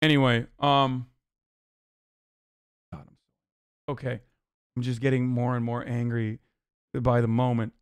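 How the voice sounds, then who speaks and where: A man's voice: flat delivery, clean tone, no room sound. A man doing livestream political commentary, ranting heatedly with lots of swearing and mocking his chat with sarcasm. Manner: profane, heated, rapid ranting; mocks chat in a sarcastic high voice.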